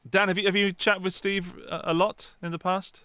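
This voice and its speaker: Smooth-voiced chatty man, dry close mic. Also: sits high, level tone, moderate pace, bright, forceful tone, no echo. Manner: chatty, enthusiastic. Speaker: podcast co-host. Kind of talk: casual chat. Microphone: studio podcast mic.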